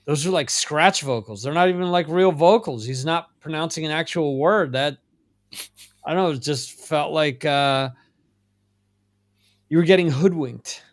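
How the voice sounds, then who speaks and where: A man from the United States hosting a casual music chat podcast, relaxed and unhurried, with lots of fillers and restarts. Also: a little high. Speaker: podcast host.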